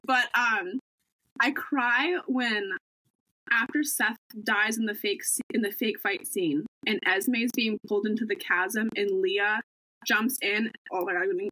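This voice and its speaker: A woman's voice: medium pitch, fairly even intonation, unhurried, bright, forceful tone, no echo, rough recording. Chatty young woman, dry close sound. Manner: chatty, gushing fan talk with many "like"s. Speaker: vlogger guest. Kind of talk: casual chat.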